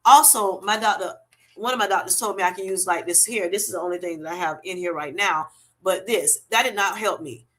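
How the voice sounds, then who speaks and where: A middle-aged woman hosting a casual livestream, chatting warmly and thanking viewers by name. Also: fairly low pitch, a little fast. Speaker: livestream host. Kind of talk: casual livestream chat, reading comments.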